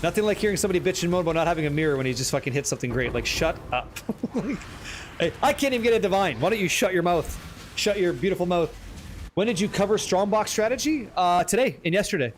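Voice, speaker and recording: A man live-streaming a game, chatting and joking with viewers, excitable and profane. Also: high-pitched, fast talker, slight background noise. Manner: excitable, profane, teasing chat, reading questions aloud.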